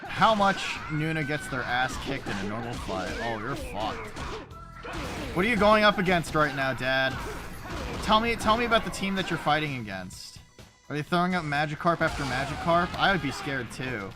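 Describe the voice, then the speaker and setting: A man's voice: a little high, big pitch swings, moderate pace, music in the background. A young adult man giving casual, chatty commentary while streaming a game, swearing often and talking to his chat.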